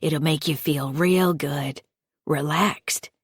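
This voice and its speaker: A woman's voice: low voice, fairly even intonation, slow, breathy edge, no room sound, studio quality, heavily acted. A woman voicing a coaxing, menacing female caretaker who talks in a crude drawl in an audiobook thriller.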